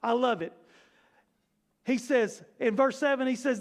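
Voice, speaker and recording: A man preaches to his congregation. His voice sits unusually high for a man, and he talks in an animated, conversational way with playful asides. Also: normal speed, long pauses. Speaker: pastor. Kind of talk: sermon. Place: church sanctuary.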